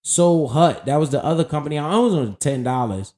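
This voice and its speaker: A man's voice: a little high, animated, brisk, dark tone. A man giving casual, profane, hyped market commentary, talking straight to his viewers while going over his account. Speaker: stock market streamer.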